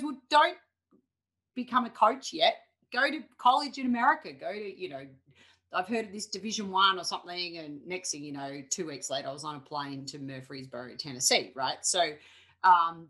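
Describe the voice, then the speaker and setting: A middle-aged woman hosting a coaching podcast, telling stories in a lively, animated way with quick asides. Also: deep voice. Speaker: podcast host, tennis coach. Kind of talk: casual interview chat.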